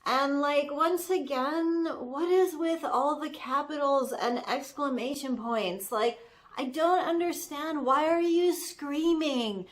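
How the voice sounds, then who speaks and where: A woman's voice: high voice, slow. Woman putting on a sassy Gen Z girl. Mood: indignant. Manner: filler-heavy, exasperated ranting. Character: sassy young Gen Z woman social media manager. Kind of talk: comic character rant.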